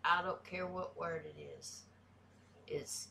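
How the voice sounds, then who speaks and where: Woman, Southern US country accent, reaction host, slow pace, low-ish pitch, blunt chatty manner. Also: steady tone, vocal fry, bright, forceful tone, a little hiss or hum. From American South. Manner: chatty, blunt, swears freely. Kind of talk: casual reaction commentary.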